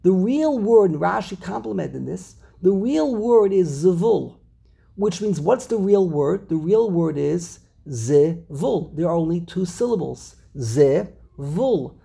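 A man giving a text study lesson as a Torah teacher, restarting phrases and slowing down to stress words. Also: sits high, animated, vocal fry, warm tone, slightly rough.

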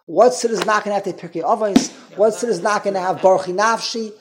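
A man's voice: high voice, fairly even intonation, fast talker, noisy background. A man teaching an informal Torah class, chatty and rambling, often restarting his sentences. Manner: rambling, self-interrupting, frequent restarts. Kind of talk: informal Torah lecture to a small group.

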